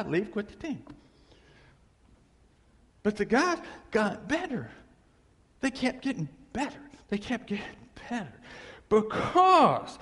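A male pastor delivers an emphatic, animated sermon. His voice sits high and leaps around a lot. The big hall he preaches in leaves a long, ringing reverb. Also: husky. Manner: animated, emphatic, acts out quotes.

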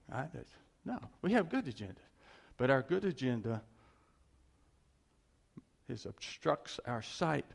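A male preacher giving a conversational, animated sermon and often chuckling as he talks. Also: mid-range voice, vocal fry, breathy edge.

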